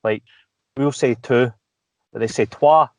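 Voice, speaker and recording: Scottish male guest, mid pitch, swears freely, laughs mid-story. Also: steady tone, normal speed, dry recording. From Scotland. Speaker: podcast guest. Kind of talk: casual chat.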